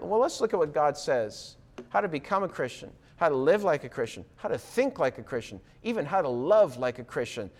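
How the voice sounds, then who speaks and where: A man delivers a sermon in a somewhat high-pitched voice. He speaks earnestly and directly, often stopping to put rhetorical questions to his listeners. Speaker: preacher.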